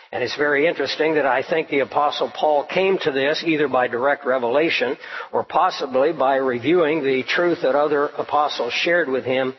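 A man preaching an expository Bible sermon in a steady teaching voice, clearing his throat now and then. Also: fairly high pitch. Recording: dull lo-fi recording.

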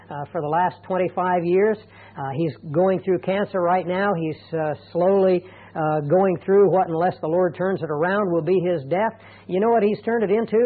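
A middle-aged man preaching a sermon as a pastor, earnest and deliberate, slowing down to stress key points. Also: high-pitched, slightly rough. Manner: earnest, deliberate, slows down for emphasis. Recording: tinny phone-like radio broadcast.

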